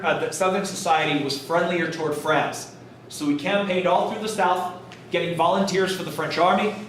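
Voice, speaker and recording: A man's voice: fairly high pitch, fairly bright tone, slight background noise. A man giving a college history lecture in a casual, jokey way, acting out historical figures. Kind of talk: classroom lecture. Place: college classroom. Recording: echoey classroom from far off.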